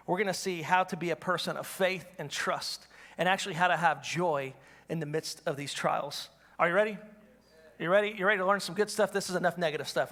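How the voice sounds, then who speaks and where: A man's voice: high voice, fairly bright tone, big-room sound. A man in his thirties preaching a sermon, earnest and repetitive, asking the congregation questions. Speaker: pastor. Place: church hall.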